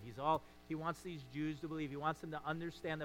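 Male pastor, sermon, bright voice, a bit high, hushed to emphatic. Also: steady tone, fast, hardly any pauses, a little hiss or hum.

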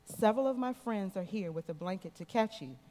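A woman's voice: mid-range voice, lively intonation, fairly quick, warm tone, natural voice. A woman reading the lines of a kind fireman who pleads urgently, in a reverberant hall. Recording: long reverb in a large hall.

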